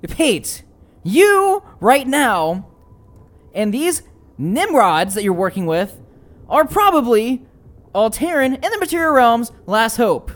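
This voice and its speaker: A player voicing a fierce, blunt woman warrior who shouts and curses in a scolding tirade. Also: on the high side, very animated, takes it slowly, voice pushed up. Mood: furious.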